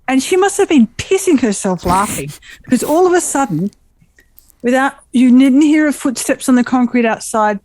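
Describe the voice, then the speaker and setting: A woman co-hosting a podcast, chatting casually and telling animated stories with playful voices. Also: sits high, normal speed, no echo. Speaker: podcast co-host. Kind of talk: casual chat.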